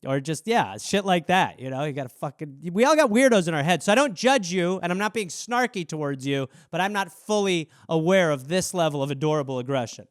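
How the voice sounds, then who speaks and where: Podcast host, forties, rambling profane riffs, smooth high voice, dry close mic. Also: male voice, lively intonation, brisk, few pauses, no echo. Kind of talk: casual solo riffing.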